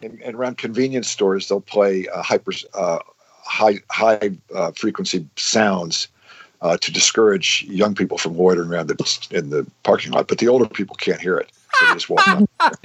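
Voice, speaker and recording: A man's voice: low-pitched, big pitch swings, normal speed, a bit bright, husky. A man explaining science in casual podcast chat, with frequent restarts and fillers.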